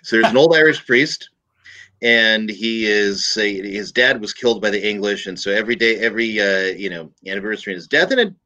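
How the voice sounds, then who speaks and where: A man's voice: lowish voice, animated, a little fast, bright, forceful tone, dull audio. A man co-hosting a casual talk show, rambling with many fillers as he tells a joke. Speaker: co-host. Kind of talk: casual chat, telling a joke.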